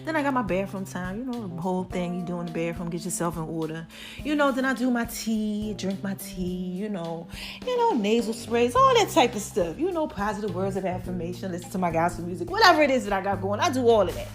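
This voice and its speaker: A woman from the hosting a casual solo podcast, chatty and lively, talking straight to her listeners. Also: medium pitch, a little fast, music in the background. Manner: chatty, lively, addresses listeners directly with "child" and "y'all". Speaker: podcast host.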